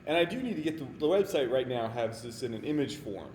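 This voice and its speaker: A man co-host talks fast with a lively pitch, urging his guest on in easy chat. He is recorded in an echoey room with clear background noise. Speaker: podcast co-host. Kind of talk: casual chat.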